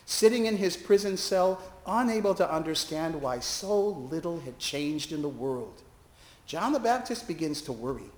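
Expressive preacher man in echoey church. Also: fairly high pitch, moderate pace. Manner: expressive, acting out quoted voices. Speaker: pastor and hospital chaplain. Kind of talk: sermon with storytelling. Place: church sanctuary.

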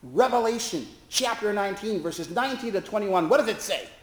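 A man's voice: sits high, very animated, moderate pace, a bit bright, echoey room, voice pushed up. A man doing a sneering grizzled old street preacher. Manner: growling, accusing, mocking.

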